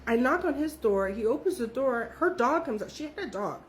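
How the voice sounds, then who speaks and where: A woman telling a story in a casual, profane, animated way, with her voice jumping up when she quotes people. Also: fairly quick. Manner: animated, profane, jumps high when quoting others.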